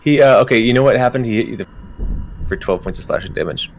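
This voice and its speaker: A man's voice: medium pitch, quick pace, gravelly, slight background noise. A man running a tabletop game as game master, casual and hesitant, with many ums and easy laughs.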